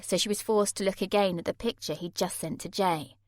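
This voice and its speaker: A woman narrating a thriller audiobook in the first person, measured and tense. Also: fairly low pitch, steady tone, no room sound, studio quality.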